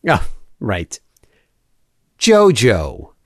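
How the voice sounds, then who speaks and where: A wry, offhand sidekick in a comedy sketch, played by a man, with a lively, bouncing pitch and an unhurried delivery. The sound is dry and close. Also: no echo, exaggerated voice.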